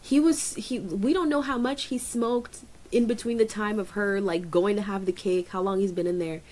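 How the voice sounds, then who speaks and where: A woman co-hosting a podcast in casual chat, rambling with many fillers and jumping up in pitch to stress a point. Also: moderate pace, a little mellow. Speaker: podcast co-host.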